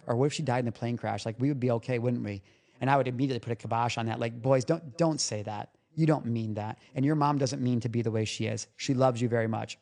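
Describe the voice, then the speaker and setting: A man's voice: medium pitch, a little mellow. Candid, emotional man telling a story. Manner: candid, emotional, casually profane. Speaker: recovery coach guest. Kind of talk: podcast interview, personal storytelling.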